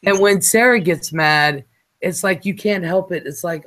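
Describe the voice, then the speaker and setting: Guy hosting a late night chat, kinda high voice, rambles on with lots of ums. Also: a bit bright. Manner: rambling, chatty, halting with fillers. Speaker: show host.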